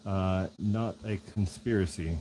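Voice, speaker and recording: A knife maker making relaxed, rambling asides to a live chat as he works in his workshop. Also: deep voice, a little slow, slight background noise. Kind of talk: casual chat while working.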